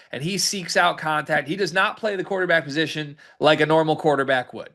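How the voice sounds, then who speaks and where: A man's voice: on the high side, sharp tone. A man hosting a sports talk show, chatting casually and reading a quote aloud.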